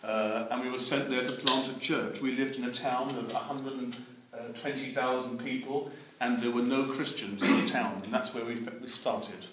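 A man's voice: medium pitch, steady tone, normal speed, few pauses, heavy background noise. An older man, telling his life story as testimony in an earnest way and acting out the dialogue. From England. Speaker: evangelist. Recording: very echoey, distant mic.

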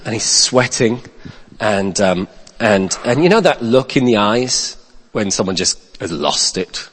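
A male pastor telling a story in a sermon, swinging between loud bursts and hushed asides, with many restarts. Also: fairly low pitch, animated, a little slow. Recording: long reverb of a large hall.

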